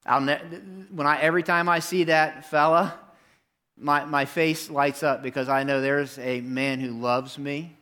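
A middle-aged man preaching a sermon to his congregation in a church, telling a story with lively, animated delivery. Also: measured pace. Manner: animated storytelling, jumps up in pitch for quoted lines. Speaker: pastor. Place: church sanctuary.

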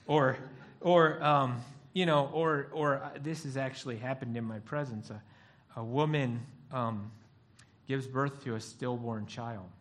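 A man's voice: medium pitch, measured pace. A male pastor giving a sermon, telling stories and acting out the voices of the people in them. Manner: animated storytelling, acts out voices.

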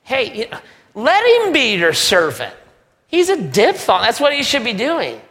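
A preacher putting on a whiny, indignant older brother. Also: male voice, very high voice, wildly swooping pitch, measured pace, a bit bright, pitched above the performer's own voice, full character voice. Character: resentful older brother, young man, self-righteous. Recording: long reverb of a large hall.

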